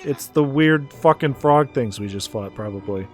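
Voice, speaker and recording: A man's voice: mid-range voice, lively intonation, moderate pace, faint music behind. A man streaming a video game, reading the dialogue aloud and joking in casual commentary, with some swearing.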